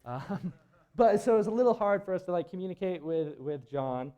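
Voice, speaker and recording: A man's voice: high voice, animated, moderate pace, warm tone, clean tone, lo-fi sound. A young man telling a climbing story to a live audience in an auditorium, rambling and laughing, full of filler words. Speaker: presenter at a climbing event.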